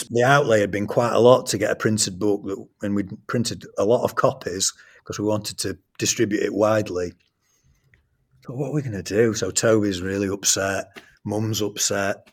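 An English man, a school trust leader, telling a personal story in an interview in an animated, conversational way. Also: fairly low pitch, breathy edge.

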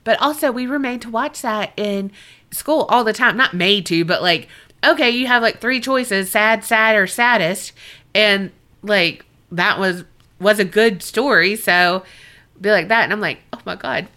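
Bright-voiced woman, laughing often. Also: medium pitch, a little slow. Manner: expressive, laughs often, swears freely. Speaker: podcast co-host. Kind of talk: casual chat.

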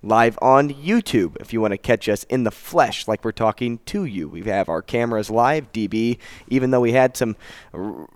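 A man hosting a live sports radio show, upbeat and energetic, bantering with his co-host. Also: medium pitch, normal speed, no room sound, clean studio sound. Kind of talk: casual sports talk.

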